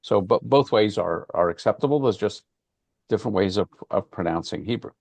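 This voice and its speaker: A man's voice: lowish voice, expressive, fairly quick, creaky, a little mellow, no echo. A man leading an informal class discussion, talking conversationally with frequent restarts and fillers. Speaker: class teacher.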